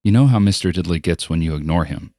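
A man voicing a calm, sensible teenage girl in an audiobook. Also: sits low, fast talker, no room sound, studio quality.

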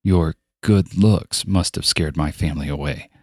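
Man voicing hot-headed teen boy, deep voice, dry sound, storybook. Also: a little slow, a little mellow, husky, no room sound, heavily acted. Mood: resentful.

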